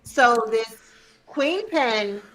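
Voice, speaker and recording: Entspannte Frau als Co-Moderatorin. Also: female voice, fairly high pitch, expressive, very slow, a bit bright, poor audio. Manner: laid-back, explains and chimes in. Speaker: co-host of a TV review show. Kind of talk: casual chat.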